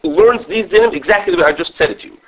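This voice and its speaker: A man teaching a lively halachic class to students. He talks quickly, restarts often, checks in with "okay", and mixes Hebrew and Yiddish terms into his English. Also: high voice, poor audio. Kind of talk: animated halachic lecture with students.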